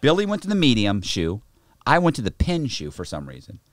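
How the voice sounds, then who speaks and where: A middle-aged man appears as a podcast guest, telling a story in casual, profane, animated talk and acting out the other people in it. His voice is mid-range and a little fast, with no room sound.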